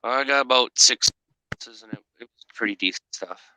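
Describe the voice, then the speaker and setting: A man hosting a livestream and chatting in a relaxed way. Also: mid-range voice, normal speed, smooth, no echo, low-quality recording. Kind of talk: casual chat.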